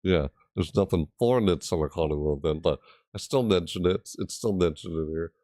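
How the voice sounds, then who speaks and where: A man's voice: low voice, a little fast, warm tone, no echo, clean studio sound. A man giving casual, rambling game commentary, thinking aloud and hesitating often. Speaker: gaming video creator.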